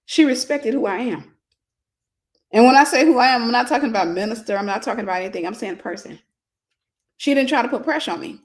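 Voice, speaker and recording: A woman's voice: a little high, fast. A woman minister in her forties telling a personal story in a casual livestream sermon, greeting viewers by name.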